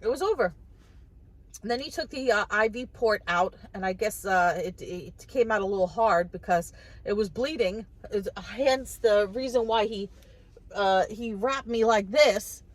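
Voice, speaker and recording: A woman's voice: mid-range voice, measured pace, low-quality recording. A woman vlogger talking casually to the camera, telling a personal story in a chatty way, often repeating and restarting her words.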